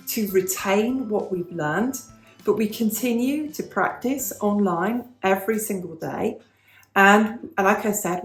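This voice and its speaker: A woman's voice: mid-range voice, roomy sound. A British woman in her fifties chatting in a vlog, explaining things patiently like a former teacher and repeating key points. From United Kingdom. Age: 50s. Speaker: vlogger, former English teacher. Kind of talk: casual question-and-answer chat.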